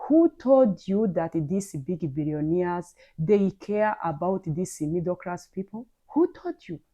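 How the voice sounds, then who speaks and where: A woman's voice: fairly low pitch, expressive, slow, warm tone, lo-fi sound. A woman hosting a reaction commentary channel, talking in an incredulous, lecturing way.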